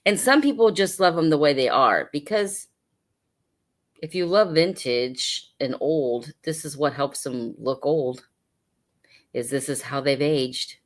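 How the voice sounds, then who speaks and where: A woman's voice: low-pitched, unhurried. A woman hosting a casual live sale, chatting and laughing with her viewers as she shows hat pins. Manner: chatty, laughs often, addresses viewers directly. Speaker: live-stream seller of hat pins and jewelry.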